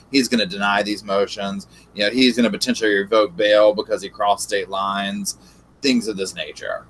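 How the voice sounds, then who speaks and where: A man's voice: lowish voice, fairly even intonation, brisk, fairly bright tone, slight background noise. A man, a guest on a podcast, thinking aloud in casual chat and trailing into fillers as he looks for words.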